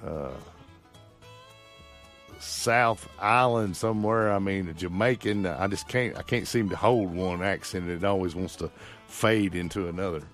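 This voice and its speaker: A man's voice: low voice, unhurried, fairly bright tone, faint music behind. A male local radio host chatting in a folksy, rambling way, full of fillers and restarts. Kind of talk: casual local radio chat. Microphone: studio microphone.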